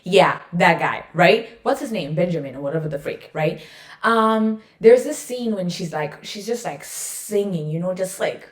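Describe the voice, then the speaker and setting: A woman's voice: on the low side, expressive, normal speed, echoey room. A young woman hosting her own podcast, chatting playfully and reading her poem aloud. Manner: chatty, playful, self-mocking. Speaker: podcast host. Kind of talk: casual podcast chat and poetry reading.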